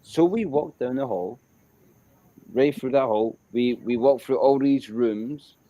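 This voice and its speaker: A man with a Scottish accent telling a story in a casual chat, animated and repetitive and swearing freely. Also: mid-range voice, measured pace, low-quality recording.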